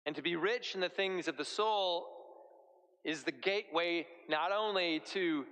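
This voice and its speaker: A male priest giving a homily in a relaxed, conversational way, using everyday comparisons. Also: high voice, unhurried. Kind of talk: sermon. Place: church. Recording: echoey church hall.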